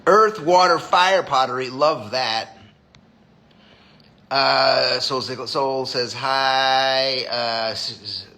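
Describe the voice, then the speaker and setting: A man's voice: mid-range voice, slow, sharp tone. A man hosting a live stream as a designer, chatting casually with viewers in a blunt, profane way.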